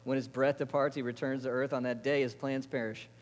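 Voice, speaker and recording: A man preaching a sermon, asking the congregation questions and answering them himself, moving between emphatic lines and quiet, intimate ones. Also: medium pitch, little pitch movement, brisk, faint music behind. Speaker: pastor. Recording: long reverb of a large hall.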